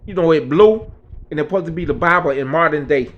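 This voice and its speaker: A man's voice: a little high, fast, muffled recording. A man in his sixties, an author, telling a spiritual story in an earnest, conversational way. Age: 60s.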